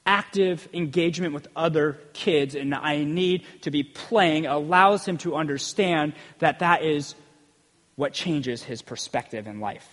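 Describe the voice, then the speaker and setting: A man's voice: a little high, a little slow, a bit bright, big-room sound. A man preaching a sermon in a loose, conversational way, often checking in with "okay?" and building energy as he tells stories. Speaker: preacher and school PE teacher.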